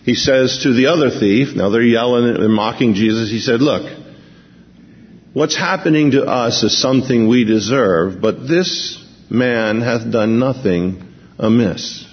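A man preaching a sermon, reading scripture slowly and then explaining it in a conversational way. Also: mid-range voice, big-room sound, highs cut off.

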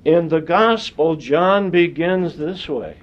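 A man delivering a sermon at a very slow, measured pace, leaving long pauses between phrases. His voice sits a little higher than most men's. The recording sounds dull and lo-fi. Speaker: preacher.

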